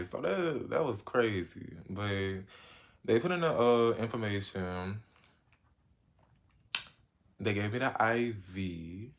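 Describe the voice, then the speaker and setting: A man in his late teens telling a casual storytime vlog, slangy and animated, with sudden jumps in pitch and loudness. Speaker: vlogger.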